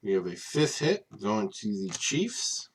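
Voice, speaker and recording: A man's voice: lowish voice, unhurried. Tired man hosting a card break. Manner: tired, casual, apologizes for yawning; reads off names in a steady list. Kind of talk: live stream card break commentary.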